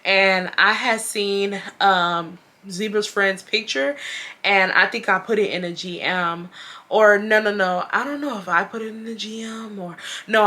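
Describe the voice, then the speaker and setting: Bright-voiced young woman telling a story. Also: medium pitch. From Houston, Texas. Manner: blunt, profane, animated. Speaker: storytime vlogger. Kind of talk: casual storytelling to camera.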